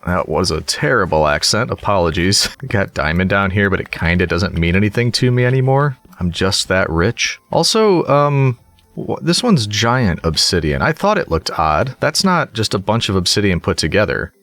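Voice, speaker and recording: A low-pitched young man chats his way through a survival game, thinking out loud and bantering with the creatures he meets. The close mic sits in a dry room with no echo around his voice. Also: very animated, moderate pace. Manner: chatty, talks to animals in a sing-song coo. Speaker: gaming YouTuber. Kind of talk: casual gameplay commentary.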